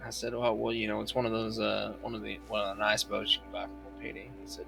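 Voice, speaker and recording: A man roleplaying in character, spinning a profane, animated story full of quoted dialogue. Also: fairly low pitch, quick pace, creaky, faint music behind.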